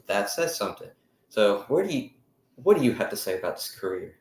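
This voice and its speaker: A young man co-hosting a casual sports podcast, energetic and running the segments. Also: lowish voice, a little fast, a little hiss or hum. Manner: energetic, runs the segments, lets out loud whoops. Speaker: podcast co-host. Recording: echoey room.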